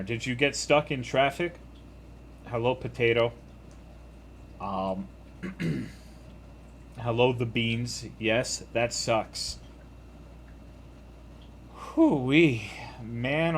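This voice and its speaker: Tipsy, tired streamer chatting with viewers. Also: male voice, mid-range voice, fairly bright tone, slight background noise. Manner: loose, joking, swearing, teasing chat. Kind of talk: casual stream chat, greeting viewers.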